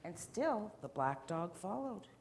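A woman reads a picture book aloud to children, animated and playful. She pauses to ask the listeners questions and sometimes dips into whispers. Her voice sits low, with a faint hiss behind. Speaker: storyteller.

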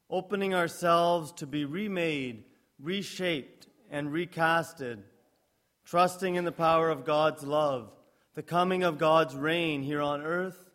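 A male pastor delivers a sermon in a storytelling manner. His voice sits slightly high. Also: a bit bright. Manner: storytelling with acted quotes.

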